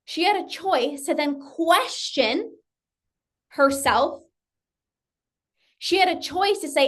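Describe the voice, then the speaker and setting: High-voiced woman giving a motivational talk. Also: expressive, a little slow, long pauses, a bit bright. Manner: emphatic, repeats phrases for effect, acts out client's voice. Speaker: coach.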